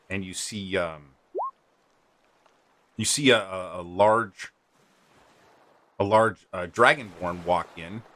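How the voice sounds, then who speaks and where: A man's voice: sits low, a bit bright, slight background noise. A man narrating as game master in a rambling, hesitant way with many fillers.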